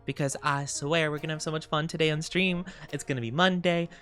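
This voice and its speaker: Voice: mid-range voice, fairly even intonation, fairly quick, a bit bright, soft background music. A VTuber streamer in a casual, playful livestream chat, greeting viewers and rambling with giggles and fillers.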